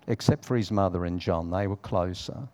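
A middle-aged man preaching a sermon, dropping to a hush and then rising, acting out the voices in his stories. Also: low-pitched, normal speed. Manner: dramatic, swings between hushed and raised delivery, acts out dialogue.

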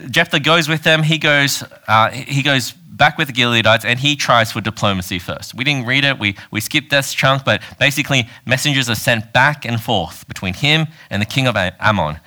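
Male preacher, lowish pitch, crisp bright tone, chatty storytelling sermon. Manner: casual, animated storytelling with quoted voices. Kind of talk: conversational sermon.

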